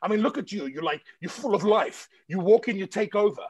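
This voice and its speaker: A man from South Africa, a guest chatting on a podcast and telling lively anecdotes full of quoted voices. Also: high-pitched, a little fast, slightly rough. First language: Greek heritage, bilingual. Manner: animated storyteller, mimics people in quoted voices. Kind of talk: casual podcast chat.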